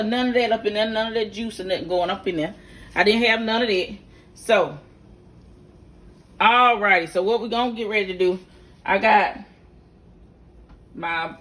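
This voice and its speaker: A woman's voice: mid-range voice, a bit bright. A middle-aged woman, chatting casually to viewers while demonstrating a home cooking recipe in her kitchen. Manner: folksy, chatty, instructive, addresses viewers directly. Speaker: home cook, vlog host.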